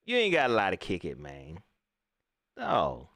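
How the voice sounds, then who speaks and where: A man riffs through a joking livestream about his football team. His pitch leaps around in a lively, animated way, and the sound is dry and close. He speaks in a loose, slangy, casual style. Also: measured pace, vocal fry, dry recording. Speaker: sports vlogger.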